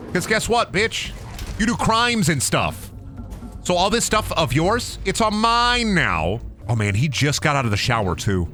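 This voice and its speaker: A man's voice: fairly high pitch, pushed and bright. A young man streaming a game, rambling profanely and joking around, often slipping into silly voices. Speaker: gaming streamer. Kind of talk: casual gameplay commentary.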